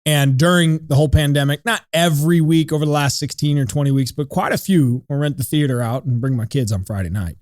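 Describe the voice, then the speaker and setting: A man's voice: a little high, brisk, few pauses, darkish tone, no echo, clean studio sound. A man telling a heated, profane story on a podcast. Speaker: podcast co-host. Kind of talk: animated storytelling.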